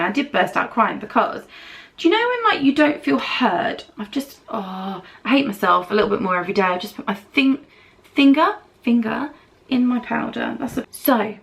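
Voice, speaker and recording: Chatty British woman, gravelly edge. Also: on the high side, moderate pace. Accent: British English. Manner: rambling, animated, acts out other people's lines. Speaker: beauty vlogger. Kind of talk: chatty get-ready-with-me storytelling.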